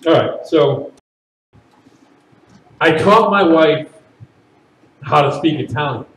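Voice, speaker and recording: A man performing stand-up comedy at a party, with loud, animated shouted bits. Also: a little high, takes it slowly, echoey room, recorded from a distance, a little hiss or hum, rough recording.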